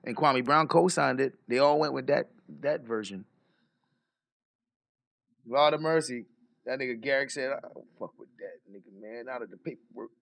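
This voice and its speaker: A man hosting a livestream, reading out donor messages and reacting with profane, animated commentary. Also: medium pitch, normal speed, creaky, no echo. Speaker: livestream host.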